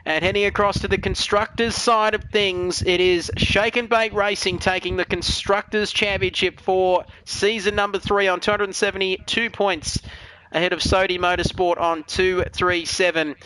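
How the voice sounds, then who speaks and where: Australian man, sim racing commentator, high voice, crisp and bright, worn-out voice, jokey banter. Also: level tone, normal speed, poor audio. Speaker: lead commentator.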